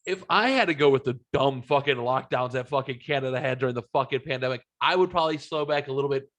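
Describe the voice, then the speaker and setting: A man's voice: medium pitch, fast talker, fairly bright tone. A man hosting a podcast in casual, profane, rambling chat. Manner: profane, rambling, laid-back. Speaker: podcast host.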